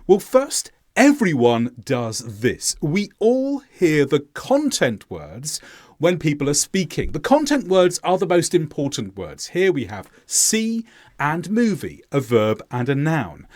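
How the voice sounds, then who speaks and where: A man leads a scripted lesson, speaking clearly and deliberately as he demonstrates pronunciation. His fairly high voice rises and falls in lively swings. The sound is close and dry. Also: dry recording. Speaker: English teacher.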